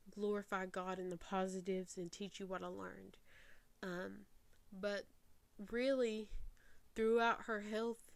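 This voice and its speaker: A woman in her twenties speaking slowly and earnestly to camera, her voice close to breaking as she holds back tears. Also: mid-range voice, no echo. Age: 20s. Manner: slow, earnest, voice near breaking. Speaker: faith podcast host. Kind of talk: personal reflective talk to camera. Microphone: facing camera.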